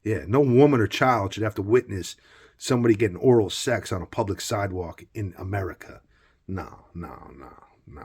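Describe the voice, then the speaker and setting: A man's voice: fairly low pitch, animated, moderate pace, a little mellow, slightly rough. A man talking in a loose, blunt, rambling personal monologue, often filling with casual asides. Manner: blunt, loose and rambling, full of "you know what I mean".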